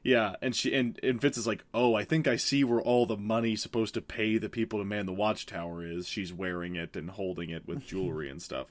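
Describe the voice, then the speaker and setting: A man co-hosting a podcast, talking through a book chapter in animated casual chat and laughing often. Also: on the low side, dry recording. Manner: chatty and animated, quick to laugh. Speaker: podcast co-host.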